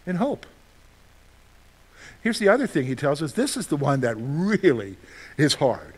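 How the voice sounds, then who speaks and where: A man preaching a sermon in a conversational way, asking his listeners questions and answering them himself, with lively storytelling. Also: mid-range voice, normal speed, breathy edge. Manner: animated storytelling with sudden loud outbursts. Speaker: pastor.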